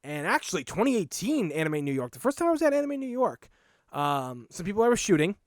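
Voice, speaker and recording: A man with a Boston accent, hosting a podcast and telling stories in a blunt, animated, casual way with some swearing. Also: sits high, quick pace, dry recording. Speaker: podcast host. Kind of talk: casual storytelling monologue.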